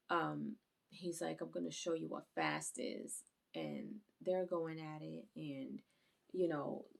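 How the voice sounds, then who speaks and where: A woman with a lowish, gravelly voice recaps an anime episode for her channel. She rambles casually through the scenes and gets animated as she retells the action. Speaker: YouTube anime reviewer.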